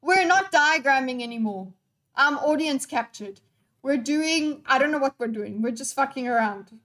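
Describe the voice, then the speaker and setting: A woman's voice: high voice, expressive, normal speed, fairly bright tone. A young woman live-streaming and chatting with her audience in a scattered, playful way and swearing freely. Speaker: live streamer reading chat. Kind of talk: unscripted live-stream chat.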